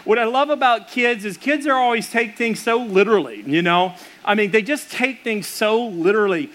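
A man's voice: sits high, a bit bright. A middle-aged man preaching a sermon as pastor, telling stories in a casual way with many fillers.

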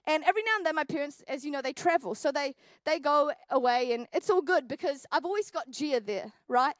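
A young woman, preaching a church sermon and telling a funny personal story with animated, jokey delivery. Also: high voice, brisk, no echo. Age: 20s. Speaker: youth pastor. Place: church hall.

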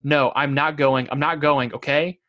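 A man's voice: a little high, fairly even intonation, moderate pace, bright, forceful tone. A man co-hosts a laid-back podcast, chatting about a show with his co-host. He reads out favorite lines in a casual, amused way and laughs as he goes. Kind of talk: casual chat.

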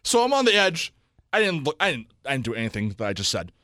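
A young man, co-hosting a casual chat show and telling a story with lively quoted voices and frequent laughter. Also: mid-range voice, fast talker, no echo, studio quality. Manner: animated storyteller, acts out quotes, laughs often. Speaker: podcast co-host.

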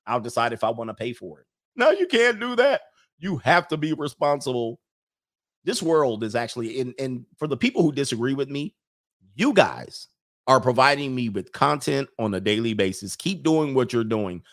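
A man's voice: medium pitch, animated, normal speed. A man hosting a livestream, reading chat comments and mocking them in a brash, joking way.

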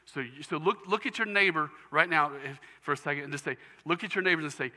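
Emphatic preacher in a reverberant church. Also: male voice, fairly high pitch, bright, forceful tone. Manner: emphatic, repeats key phrases slowly for the congregation. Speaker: pastor. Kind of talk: sermon. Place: church sanctuary.

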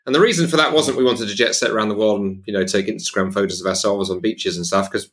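A man's voice: lowish voice, quick pace. A middle-aged British man with a British accent, co-hosting a podcast, joking and repeating himself as he talks. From Britain. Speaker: podcast co-host and preacher. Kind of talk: casual chat.

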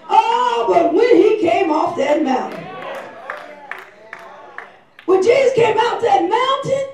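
Woman pastor, very high and animated voice, slow preaching, recorded far off in a big echoey hall with a faint congregation behind. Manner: lively storytelling, acts out quotes in slangy voices; preaching, often shouting. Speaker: senior pastor. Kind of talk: sermon.

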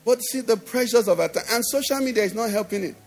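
A man's voice: extremely high pitch, quick pace, soft background music. A middle-aged man with a Nigerian English accent, preaching a sermon in a church, emphatic and constantly asking the congregation if they understand. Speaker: pastor.

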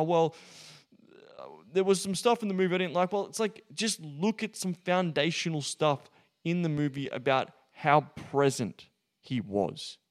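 A man hosting a solo podcast, talking bluntly and casually with lots of profanity and filler words, and acting out quoted dialogue as he tells stories. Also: medium pitch. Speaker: podcast host and coach.

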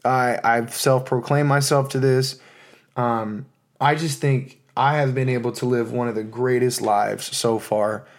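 A man's voice: medium pitch, steady tone, measured pace. An American man in his thirties, hosting his own podcast alone in a loose, heartfelt monologue with many fillers. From United States. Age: 30s. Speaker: podcast host. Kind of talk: casual solo podcast monologue.

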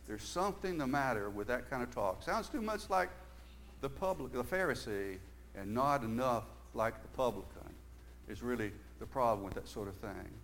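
An older man preaching a sermon, earnest, moving between emphatic stresses and quiet, hushed stretches. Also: mid-range voice, animated, normal speed, slight background noise. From Southern United States.

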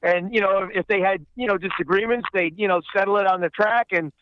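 Rambling man with a high voice. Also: steady tone, a little fast, smooth, no room sound, phone-quality sound. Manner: rambling, many fillers. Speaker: voice actor guest. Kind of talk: casual interview.

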